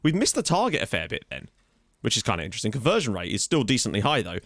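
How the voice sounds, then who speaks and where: A man's voice: on the low side, huge pitch swings, quick pace, fairly bright tone, dry recording, studio quality. Chatty man reviewing game stats. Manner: chatty, thinking aloud, easily amazed. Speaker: let's play host. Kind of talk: casual game commentary.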